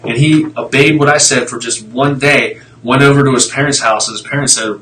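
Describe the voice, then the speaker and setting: A man's voice: medium pitch, fairly even intonation, a little fast, hardly any pauses, fairly bright tone, a little hiss or hum, poor audio. A man talking casually on a live stream, explaining x-rays in a blunt, fired-up way, with tangents and mild swearing. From Italian heritage.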